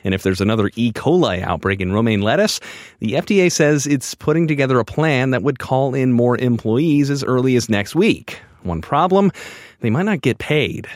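A man delivering a scripted radio news report with measured, clear delivery. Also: medium pitch, lively intonation, no echo, studio quality. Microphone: studio microphone.

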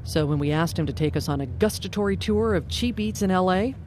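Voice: medium pitch, fairly quick, a little mellow. A radio host with a mid-range voice reads polished narration and then slips into friendly, curious questions for a guest. The talk is taped in a car and later at a restaurant table, with faint road noise underneath. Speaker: radio show host and reporter. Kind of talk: scripted narration mixed with casual interviewing. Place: inside a car at a drive-thru, then a restaurant.

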